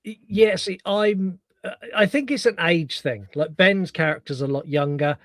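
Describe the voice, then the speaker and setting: A man's voice: high-pitched, normal speed, a bit bright, no echo. A middle-aged British man, co-hosting a podcast, chatting casually and retelling film scenes with animation. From Britain. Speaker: podcast co-host. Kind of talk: casual chat.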